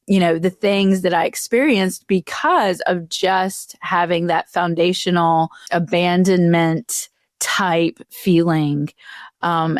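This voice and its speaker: Woman, 50s, podcast host, lowish voice, halting reflective storytelling, dry close mic. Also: no echo. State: tearful, voice breaking high. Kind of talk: personal storytelling.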